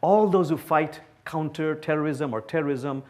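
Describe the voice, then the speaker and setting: A man from Bangladesh, giving an animated, playful public lecture to a live audience. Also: on the high side, moderate pace. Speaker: guest speaker. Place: talk before a live audience.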